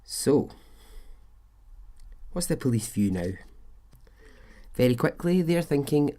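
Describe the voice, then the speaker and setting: A man's voice: a little high, lively intonation, slow, long pauses, warm tone. A man hosting a podcast, telling a true-crime story in a chatty, conversational way with frequent asides. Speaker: podcast host.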